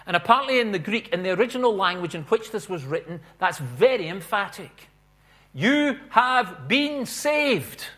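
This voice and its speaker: Earnest guy preaching, slows way down to hit the big words. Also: high-pitched, a bit bright. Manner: earnest, with emphatic swells and slowed stressed phrases. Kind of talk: sermon.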